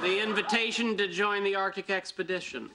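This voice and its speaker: An actor playing a pedantic, self-absorbed young physicist who talks in a precise, lecturing, oblivious way in a sitcom. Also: male voice, high voice, fairly even intonation, brisk, very noisy. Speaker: theoretical physicist character. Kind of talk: sitcom acting. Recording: sitcom with loud audience laughter.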